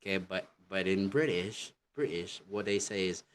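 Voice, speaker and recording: A man teaching an English lesson from slides, explaining slowly and often pausing on "okay, so". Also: low-pitched, a little hiss or hum. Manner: slow, halting explanations with many "okay, so".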